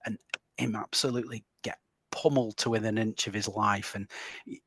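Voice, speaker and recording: A man's voice: fairly low pitch, steady tone, fairly quick, fairly bright tone, breathy edge, dry recording. A man hosting a film podcast, chatting casually with lots of restarts and tag questions. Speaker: podcast host.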